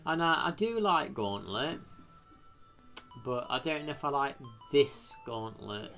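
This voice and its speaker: A British man chatting casually on a live stream. He rambles, thanks viewers from the chat, and breaks into sudden excited exclamations. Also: medium pitch, slow, vocal fry, soft background music.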